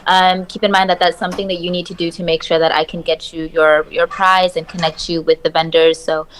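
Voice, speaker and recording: A woman organizer gives instructions on a charity auction livestream. Her voice is lowish and flat in tone. She speaks steadily and spells things out carefully. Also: fairly quick, a little hiss or hum. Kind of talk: livestream announcement.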